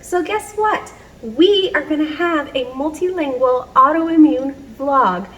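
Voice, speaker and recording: Brief: woman in her 30s, home vlogger, upbeat, chatty, slightly high voice, handheld camera. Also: lively intonation, slow, fairly bright tone, low-quality recording. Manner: chatty, upbeat, laughs often. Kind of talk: casual home vlog. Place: home kitchen.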